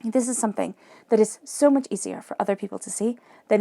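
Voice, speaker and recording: Woman reading tarot, earnest and encouraging, a little gravelly, dry close sound. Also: fast, no echo. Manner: earnest, emphatic and encouraging, addressing the listener directly; softens into a low murmur when chanting questions to the cards. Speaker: tarot reader.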